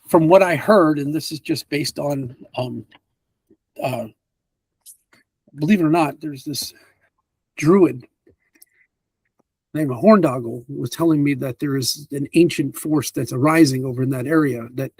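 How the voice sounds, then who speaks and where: A man's voice: mid-range voice, gravelly, husky, dry recording. A man doing a kindly, worried old-world priest. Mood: warning. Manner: hesitant, halting with fillers. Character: weary male priest healer, kindly and cautious.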